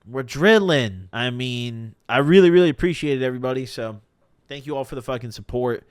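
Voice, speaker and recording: A man's voice: medium pitch, fast, clean tone, no echo, clean studio sound. A young man hosting a podcast live stream, telling stories in a casual, profane, slang-heavy way. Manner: profane, animated storytelling with slang. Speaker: podcast host.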